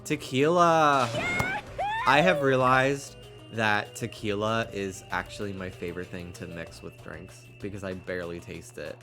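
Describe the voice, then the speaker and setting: A young man streams a game with music playing behind him, chatting casually and rambling with plenty of likes and ums while reading the game text aloud. His voice is low, with fairly even intonation and a moderate pace.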